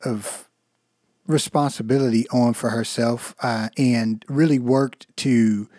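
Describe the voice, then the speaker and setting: A man in his thirties co-hosting a casual podcast, speaking in a laid-back, measured and reflective way. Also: mid-range voice, steady tone, darkish tone, no echo, clean studio sound. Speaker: podcast co-host. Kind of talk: casual chat.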